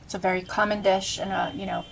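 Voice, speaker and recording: A woman's voice: medium pitch, little pitch movement, fast talker, gravelly, a little hiss or hum, poor audio. A woman in her thirties hosting a cooking show, chatting casually and enthusiastically while tasting dishes. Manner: enthusiastic, tasting food on camera.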